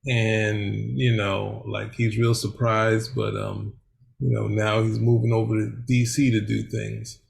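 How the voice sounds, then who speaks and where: A man's voice: on the low side, flat delivery, a little slow, vocal fry, a little hiss or hum. A man co-hosting a podcast, rambling in casual chat with many hesitations. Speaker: podcast co-host.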